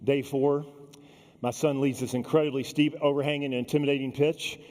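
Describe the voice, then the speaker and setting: A middle-aged man giving a keynote talk, telling a dramatic story in a folksy, animated way and acting out the other voices. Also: medium pitch, fairly quick. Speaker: keynote speaker. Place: large conference hall. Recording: echoey hall sound.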